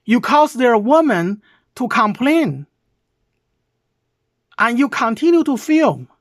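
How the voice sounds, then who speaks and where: A video commentator with a Chinese accent reacts to a clip, speaking slowly at medium pitch with big swings in intonation. He breaks it down word by word, repeatedly asking "okay?" in a heated, accusing manner.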